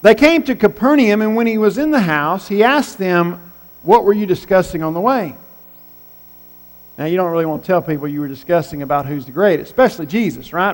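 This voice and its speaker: A man preaching a sermon in a conversational way, posing rhetorical questions to his listeners. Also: high voice. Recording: long hall reverb.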